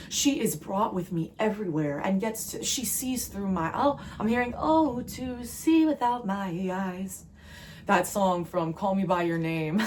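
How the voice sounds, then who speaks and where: A woman's voice: mid-range voice, a little hiss or hum, rough recording. A young woman from New Jersey giving an earnest, emotional spiritual channeling reading as a tarot reader. She rambles, restarts and circles back on her words.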